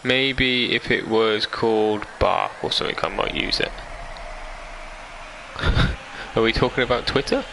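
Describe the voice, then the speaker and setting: Gravelly, chatty young male streamer. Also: fairly low pitch, a little slow, pauses often, background noise. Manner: chatty, reads viewer comments aloud and laughs easily. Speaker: live-streaming gamer. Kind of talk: casual live-stream chat over gameplay. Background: game music.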